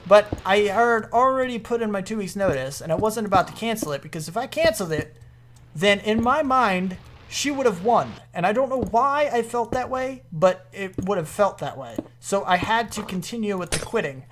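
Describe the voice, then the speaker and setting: A man telling a long personal story while playing a game on his channel, animated and full of restarts, into a desk microphone at home. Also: high-pitched, normal speed, slight background noise. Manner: rambling, animated anecdote with many restarts. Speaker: gaming YouTuber.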